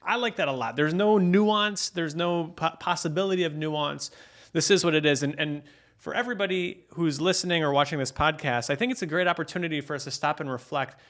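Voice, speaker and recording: A man's voice: on the high side, fairly quick, a bit bright. A man co-hosting a podcast in casual chat, earnest, reading out quotes and hedging with "I think". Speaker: podcast co-host.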